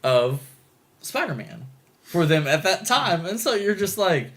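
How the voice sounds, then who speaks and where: A young man co-hosting a podcast, telling stories in an excitable, animated way and swearing freely. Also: high-pitched, measured pace. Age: young adult. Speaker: podcast co-host. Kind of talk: casual chat.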